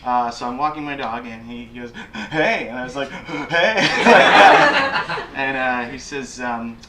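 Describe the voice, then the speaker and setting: A man's voice: medium pitch, animated, normal speed. A man doing a stand-up comedy set in a small community center, talking in a hesitant, self-deprecating way full of fillers. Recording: roomy hall with loud background noise. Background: audience laughter.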